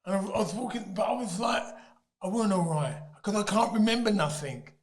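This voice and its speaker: Guy in his 50s, pretty high voice, tells stories loud with lots of laughing. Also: lively intonation, fairly quick. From Britain. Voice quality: laughs often mid-story, loud emphatic bursts. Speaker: guest. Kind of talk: animated storytelling.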